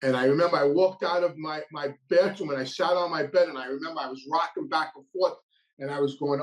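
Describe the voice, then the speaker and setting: A man's voice: on the high side, fairly even intonation, a little fast, rough recording. A man, telling his recovery story in a blunt, streetwise way, often repeating and restarting phrases. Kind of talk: casual storytelling monologue.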